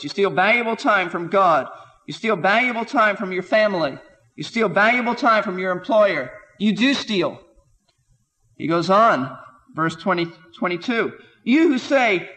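A man with a high voice teaches through a scripture passage verse by verse. He presses his points with rhetorical questions and lifts his voice when quoting the text. A long reverb trails behind his words. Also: very animated, normal speed, sharp tone. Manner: emphatic, rhetorical questions, quotes scripture with rising voice. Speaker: Bible teacher. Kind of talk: expository Bible teaching.

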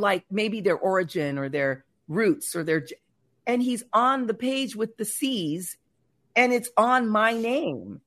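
A middle-aged woman hosting a talk show, telling a personal faith story in an earnest, animated way with many fillers. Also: mid-range voice.

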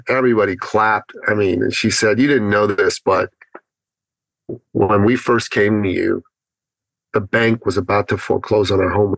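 A man telling a personal story as a guest on an interview podcast, acting out his own thoughts with animated pitch. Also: vocal fry, no room sound, rough recording. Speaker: podcast guest, business speaker.

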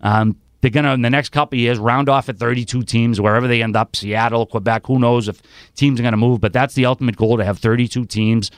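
A man's voice: mid-range voice, steady tone, quick pace, smooth, dry recording, clean studio sound. A man hosting a podcast, chatting casually about sports in a rambling way with many restarts. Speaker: podcast host.

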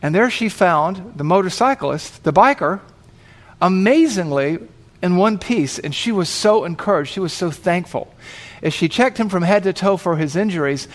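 This pastor's voice is high-pitched, with lively intonation and a moderate pace. He preaches through a dramatic illustration, performing the voices of its characters.

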